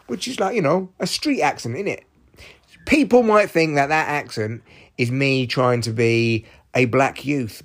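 A man in his forties hosts a solo podcast, his voice medium-pitched and creaky. He rambles casually, pokes fun at himself, and swears freely.

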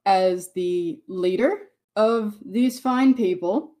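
A woman voicing a courteous male envoy in a tabletop game, speaking in polite, measured, flattering terms. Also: mid-range voice, lightly acted.

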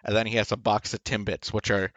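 A man's voice: on the low side, flat delivery, quick pace, fairly bright tone, no room sound. A man co-hosting a podcast, chatting casually in a rambling way and swearing offhand. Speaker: podcast co-host. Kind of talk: casual chat. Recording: dry, dull lo-fi mic.

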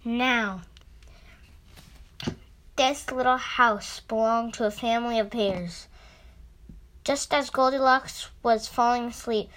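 A woman reading a children's story aloud, gently addressing young listeners. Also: a little high, steady tone, slow pace, pauses often, rough recording. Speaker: storytime reader.

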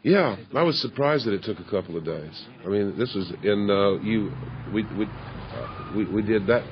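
Low, halting man on a film commentary. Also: expressive, muffled recording, a little hiss or hum. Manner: halting, restarts often, drawls. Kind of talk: relaxed commentary chat.

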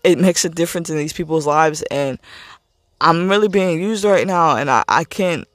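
In a dry, studio-quality recording, a young podcast host with a fairly bright, higher voice speaks at normal speed. His casual personal monologue is candid and rambling, full of repetition, as he grows emotional.

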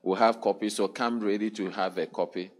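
A man's voice: fairly low pitch, fairly even intonation, brisk, darkish tone. A man preaching a sermon at a church service, drawing responses from the congregation with frequent hallelujahs and questions. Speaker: pastor.

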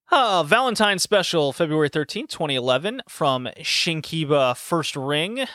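Male host, casual chat, slightly high voice, quick to laugh, tangents. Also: no echo, studio quality. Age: adult with a university degree. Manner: animated, laughs often, rambling asides. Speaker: podcast host reviewing wrestling shows.

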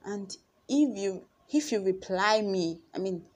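A young woman with a Nigerian accent, talking casually to her followers in a chatty, expressive way. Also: mid-range voice, measured pace. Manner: chatty and expressive, acts out conversations. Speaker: vlogger.

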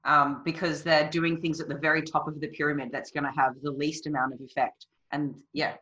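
A woman's voice: deep voice, little pitch movement, a little fast, a bit bright, dull audio. A woman hosting a podcast, leading the chat in an upbeat, blunt way. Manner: upbeat, blunt, laughs easily. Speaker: podcast host.

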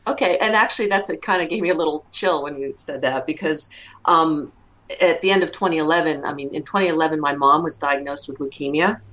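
A woman's voice: low voice, fast, a bit bright, muffled recording. A woman in her fifties, a guest in an interview, talking reflectively with many fillers and restarts. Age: 50s. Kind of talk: conversational interview.

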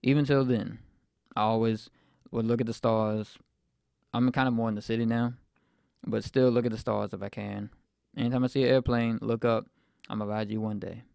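Young male podcast host, mid-twenties, gravelly, dry close sound, rambling faith testimony. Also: mid-range voice, level tone, normal speed, pauses often, a little mellow, dry recording. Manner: reflective, rambling with fillers.

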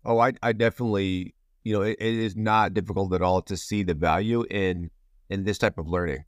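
Guy host, kinda low voice, rambly and jokey, dry sound. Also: steady tone, brisk, no room sound. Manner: rambling, playful, lots of restarts. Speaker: podcast host. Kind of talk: casual conversation.

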